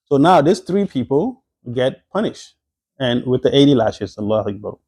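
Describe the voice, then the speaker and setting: Mellow-voiced man giving a religious lecture. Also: medium pitch, big pitch swings, moderate pace, breathy edge. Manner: conversational, repeats and restarts phrases, frequent exclamations; slips into quoted Arabic phrases. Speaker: Islamic teacher. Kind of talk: recorded Islamic history lecture.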